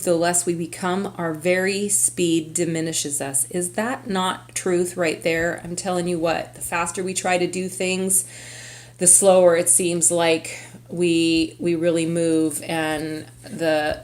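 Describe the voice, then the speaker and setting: A woman's voice: fairly low pitch, little pitch movement, slow pace. Chatty, rambling middle-aged woman vlogger. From California. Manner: chatty, rambling, with many fillers. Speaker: craft vlogger. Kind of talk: casual chat.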